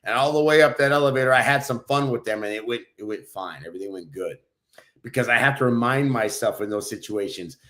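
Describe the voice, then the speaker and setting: A man co-hosting a podcast and telling stories in a loud, brash, profane way. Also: mid-range voice. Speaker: podcast co-host. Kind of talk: casual chat, storytelling.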